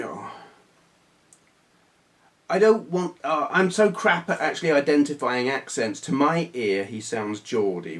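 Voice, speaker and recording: Guy, retro gaming vlogger, casual rambling chat with lots of restarts and self-deprecating asides. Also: medium pitch. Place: small hot room under bright video lights.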